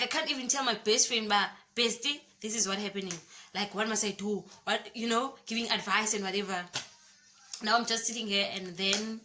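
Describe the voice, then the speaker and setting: A young woman with a South African accent, telling a personal story to her vlog viewers in an expressive way and calling them guys. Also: medium pitch. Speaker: YouTuber.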